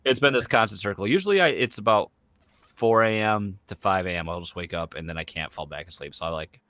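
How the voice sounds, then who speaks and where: Rambling low-voiced man hosting a podcast. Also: lively intonation, fairly quick, pushed and bright, no echo. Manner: rambling, full of fillers like "like" and "you know". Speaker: podcast host. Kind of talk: casual chat.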